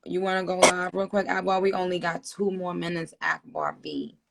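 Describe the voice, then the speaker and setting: A woman's voice: fairly low pitch, lively intonation, moderate pace, gravelly, heavy background noise. A woman hosting a livestream, chatting in a laid-back, drawling way and asking her guest questions. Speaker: host of the livestream. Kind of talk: casual livestream chat. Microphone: phone.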